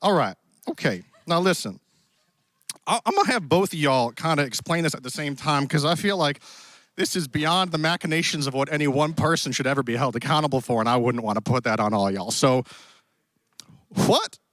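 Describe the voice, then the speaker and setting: A man's voice: on the high side, animated, a little fast, fairly bright tone, no room sound. A man playing a hammy Old West cowboy host with a put-on Western drawl, joking his way through a live stream on a handheld mic. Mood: playful. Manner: playful, jokey, theatrical. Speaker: event host. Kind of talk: live stream hosting in character. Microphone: handheld stick mic.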